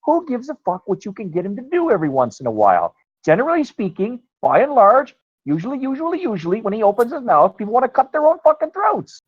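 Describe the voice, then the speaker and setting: A man's voice: extremely high pitch, huge pitch swings, fast talker, breathy edge, dull audio. A man arguing heatedly in an online voice chat, sarcastic and profane. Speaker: participant in voice chat.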